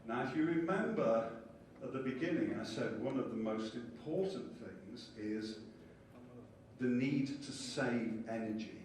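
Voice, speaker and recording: A man giving a lively conference lecture and explaining ideas with small acted-out scenes. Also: medium pitch, unhurried, a little hiss or hum. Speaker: conference speaker. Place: conference hall. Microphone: distant from the mic. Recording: echoey hall from far off, faint ambience.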